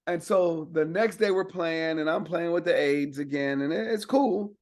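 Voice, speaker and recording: High-voiced man telling a lively story. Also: normal speed. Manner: animated, profane, acts out quotes. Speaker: guest, comedian. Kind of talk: casual storytelling.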